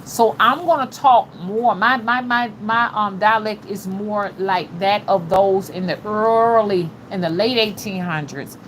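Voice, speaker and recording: A middle-aged rootworker host with an older-generation Alabama accent chats casually on her livestream, reading comments and repeating "you know what I'm saying" in a folksy way. Her mid-range voice is a little slow and fairly bright, with few pauses and a little hiss or hum.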